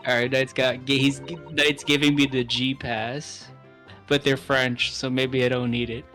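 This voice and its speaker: Low-voiced joking woman streamer. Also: level tone, measured pace, a bit bright, soft background music. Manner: joking, swearing, playful. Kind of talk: casual gameplay chat and voicing dialogue.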